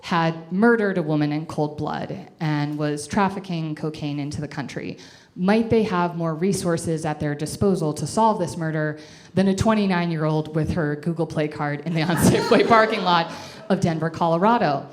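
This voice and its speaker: A woman in her twenties telling a self-deprecating comic story to a live audience, animated and chatty. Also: deep voice, moderate pace.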